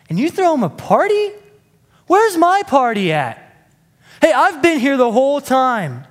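A man voicing a resentful older brother who complains loudly in a raised voice. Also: exaggerated voice. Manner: high, loud, complaining.

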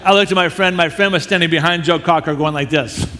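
A man telling a story as a sermon, animated and acting out the people he quotes. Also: on the high side, quick pace, slight background noise. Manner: animated storyteller who acts out quoted voices. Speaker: speaker telling a story to a church audience. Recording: long hall reverb.

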